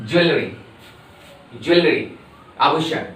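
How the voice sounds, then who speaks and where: A man with an Indian English accent teaching pronunciation, repeating each word slowly and deliberately like a classroom drill. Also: fairly high pitch, animated, fairly bright tone. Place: classroom or coaching centre. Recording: echoey room, voice from a distance.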